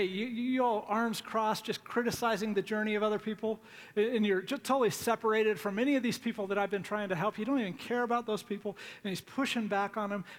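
A middle-aged man preaching a sermon, telling stories in a conversational way and slowing down to plead. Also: high voice. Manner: conversational storytelling with pleading, dramatic pauses. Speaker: pastor.

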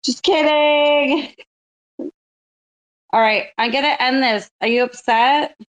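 A woman's voice: fairly high pitch, moderate pace, a bit bright, muffled recording. A woman in her thirties hosting a casual online audio chat, joking and laughing often. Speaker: space host.

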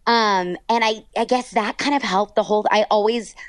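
Medium-pitched with fairly even intonation, a woman from Texas talks at a normal speed in a dry recording. As a voice actor guest in a casual interview chat, she's bubbly and gushing, full of "like."

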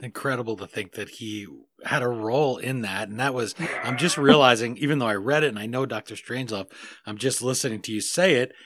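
A man's voice: medium pitch, fairly quick, fairly bright tone, no echo. A man hosting an interview, curious and chatty, with his own asides. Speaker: interview host. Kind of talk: conversational interview.

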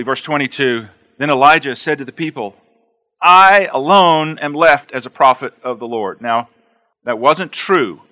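A man's voice: medium pitch, bright, forceful tone. A man preaching an expository sermon, reading scripture aloud and breaking in with plain-spoken asides, repeating key phrases for emphasis. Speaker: pastor.

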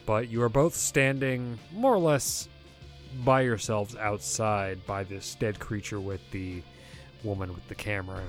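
Relaxed male game master. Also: fairly low pitch, soft background music. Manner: relaxed, halting with fillers. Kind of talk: narrating a tabletop game.

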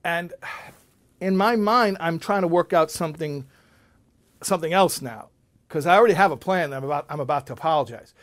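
A man speaking as a rabbi, telling a personal story in an animated way and often repeating himself. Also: fairly high pitch, brisk, pauses often. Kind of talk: storytelling talk.

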